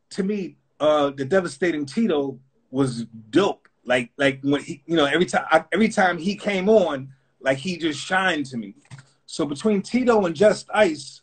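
A man, a rapper and interview guest, telling a story in a loose, rambling, casual way, full of fillers. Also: fairly high pitch. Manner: loose and rambling, full of fillers like "you know what I'm saying".

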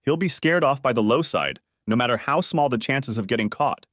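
Guy doing a sly scheming wife, higher and swoopy, mocking and cutting, audiobook story, dry close sound. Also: expressive, fairly quick, a bit bright, no room sound, close to an everyday voice. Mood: defiant. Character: scheming married woman, cold and sly.

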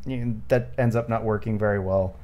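A man's voice: lowish voice, fairly even intonation, moderate pace, darkish tone. A man hosting a casual movie commentary podcast, rambling with lots of fillers and frequent laughs. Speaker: podcast host.

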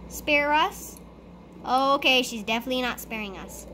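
A woman's voice: on the high side, fast talker, pushed and bright, a little hiss or hum. A woman giving live gameplay commentary, panicky, pleading and screaming often as she plays. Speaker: gamer.

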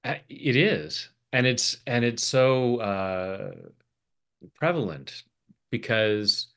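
A man's voice: mid-range voice, lively intonation, slow, a bit bright. A man hosting a casual interview who speaks hesitantly, restarting his sentences and letting them trail off. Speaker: host.

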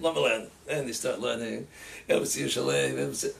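A man's voice: mid-range voice, fairly even intonation, normal speed, creaky. A man, a rabbi, telling stories casually, laughing often and acting out the quotes. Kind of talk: casual storytelling. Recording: distant mic with faint ambient noise.

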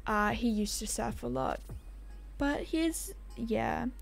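A woman's voice: on the high side, takes it slowly, creaky, soft background music. A young Australian woman chatting casually as a gaming YouTuber, rambling and self-deprecating as she answers viewer comments.

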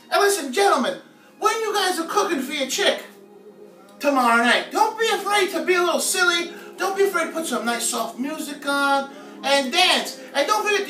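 In his home kitchen, a man cooks on a livestream and banters playfully with viewers. The voice is very high-pitched, bright and forceful, swinging widely in pitch at a moderate pace. Faint music plays in the echoey room, picked up by a far-off mic.

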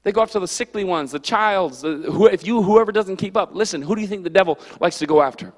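Youth pastor, male, high-pitched, lively storyteller, echoing church hall. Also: fast. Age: adult. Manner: animated, storytelling with acted-out quotes. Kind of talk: youth sermon. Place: church sanctuary.

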